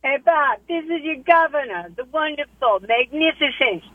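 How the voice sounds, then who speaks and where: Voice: high voice, lively intonation, normal speed, no room sound. A caller on the phone, doing a boastful, self-praising female governor with a Buffalo accent. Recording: dry tinny phone line.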